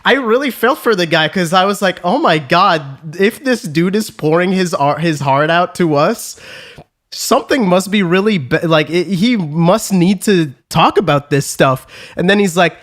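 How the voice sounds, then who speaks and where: A man telling a story on a podcast in a casual, animated, profane way with lots of fillers. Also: high voice, normal speed.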